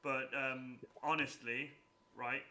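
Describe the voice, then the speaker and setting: A man chatting on a live stream, telling cosplay stories with lively laughter. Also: medium pitch, slow pace, crowd noise. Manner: animated storytelling, laughs often. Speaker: Twitch stream host asking cosplay questions. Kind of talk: casual chat.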